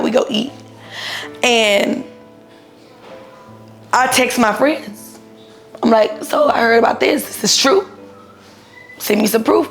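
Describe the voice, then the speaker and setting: A woman in her thirties tells a story in a blunt, profane, animated way, voicing each person she quotes. Her voice sits a little high and has a gravelly, fried edge. Faint music plays behind her. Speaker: guest telling her own story. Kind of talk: casual storytelling.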